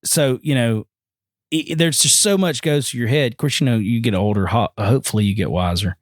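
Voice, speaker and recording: A man telling a story on a podcast, animated and acting out the voices of the people in it. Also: fairly quick, dry recording, clean studio sound. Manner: animated, acts out quoted voices with big pitch jumps. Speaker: podcast guest. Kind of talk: casual storytelling.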